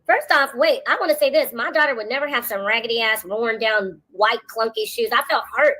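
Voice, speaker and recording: A woman's voice: fairly high pitch, fairly quick, pushed and bright, low-quality recording. A woman co-hosting a casual reaction chat, speaking in an indignant, emphatic way. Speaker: co-host.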